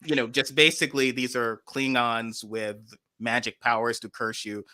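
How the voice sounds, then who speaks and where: A man's voice: mid-range voice, flat delivery, normal speed, pushed and bright, no echo, studio quality. A man hosting a casual video chat, talking in a rambling, enthusiastic way. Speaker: host.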